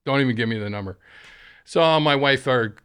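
A man's voice: medium pitch, normal speed, smooth. A middle-aged man, a guest in a studio interview, telling stories with lots of laughter and acted-out quotes. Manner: animated storyteller, laughs often, acts out quoted voices. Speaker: guest, golf caddie. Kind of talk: storytelling in a casual interview.

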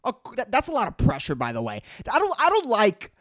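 A podcast host rambles through a solo comedic rant, profane and exasperated, repeating words while hunting for the next one and calling out to an imagined listener. The voice is medium in pitch with huge pitch swings and a slightly fast pace, captured in a dry, studio-quality recording.

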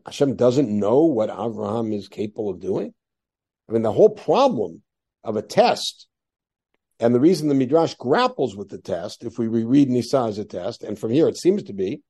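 A man's voice: mid-range voice, dark tone. A man teaching a class on a biblical text, reading Hebrew verses aloud and explaining them with rhetorical questions. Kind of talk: classroom Torah lesson.

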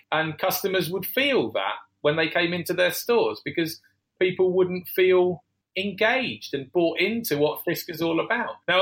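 A man answers interview questions in a reflective, conversational way. His voice sits a little higher than most men's, and he pauses on fillers and corrects himself mid-sentence as he thinks aloud. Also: fairly bright tone. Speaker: business founder, podcast guest.

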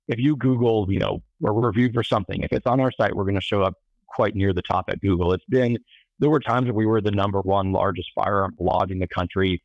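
Deep-voiced man, dry jokes, dull mic. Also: no room sound. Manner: dry joking, rambling with restarts. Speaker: podcast guest, gun reviews editor. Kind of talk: casual podcast interview.

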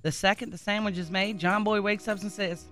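A man's voice: high voice, fairly even intonation, brisk, pushed and bright, faint music behind. A man on a morning radio show reading out a listener's comic letter, laughing as he goes. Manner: laughing through a comic story.

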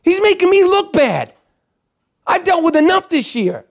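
A man's voice: sing-song, measured pace, exaggerated voice. A man putting on a cranky male basketball star who swears and complains about a teammate. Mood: exasperated. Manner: profane, complaining, raised pitch. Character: gruff, exasperated male star point guard.

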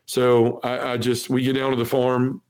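A man's voice: medium pitch, completely flat delivery, normal speed, darkish tone. A man in his forties, a podcast guest, telling a personal testimony in an earnest way, peppered with "you know", acting out the lines of people in it. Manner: acts out quoted dialogue.

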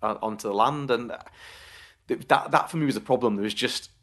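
A man's voice: mid-range voice, brisk, fairly bright tone. A man co-hosting a podcast, talking through his opinions in casual chat, often restarting mid-thought. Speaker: podcast co-host.

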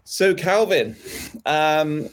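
A man's voice: fairly high pitch, animated, extremely slow, a little hiss or hum. A man hosting a chat show, talking with many ums and uhs as he goes. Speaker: host. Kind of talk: casual chat.

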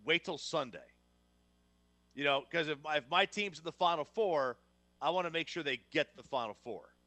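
A man from New Jersey co-hosting a casual sports talk show, emphatic and quick to restart his sentences. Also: fairly high pitch, pushed and bright, dry recording. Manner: emphatic, repeats words when starting sentences. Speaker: sports radio co-host.

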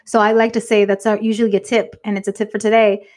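A woman co-hosting a podcast, chatting casually and telling a lively story, slipping Spanish phrases into her English. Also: mid-range voice, fast. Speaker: podcast co-host. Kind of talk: casual chat.

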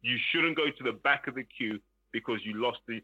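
A man's voice: mid-range voice, a little fast, sharp tone, breathy edge, no echo, highs cut off. A man co-hosting a casual podcast, opinionated and emphatic as he argues his point. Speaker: podcast co-host. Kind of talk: casual chat.

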